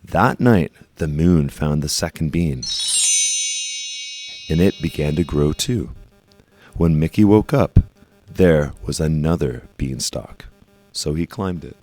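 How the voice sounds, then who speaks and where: A man reading a children's storybook aloud, leaning slowly and emphatically on repeated phrases. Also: very deep voice, animated, mellow, faint music behind.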